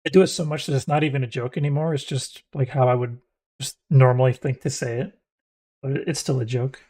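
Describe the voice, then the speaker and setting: Young male streamer, mild Florida accent, mellow breathy tone, rambling commentary. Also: medium pitch, steady tone, fairly quick, low-quality recording. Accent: Florida, mild Midwestern. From United States. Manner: rambling, musing aloud. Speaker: gaming streamer. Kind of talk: casual game commentary.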